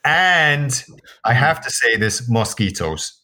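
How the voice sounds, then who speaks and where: A man's voice: mid-range voice, takes it slowly. A man with a Scottish accent co-hosting a podcast in casual chat, swearing freely and acting out what others said. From Scotland. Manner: animated, swearing, acts out quotes. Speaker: podcast co-host.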